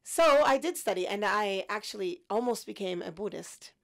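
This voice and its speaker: A woman in her fifties, a podcast guest, telling her story in an animated, self-mocking way. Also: mid-range voice, normal speed, vocal fry.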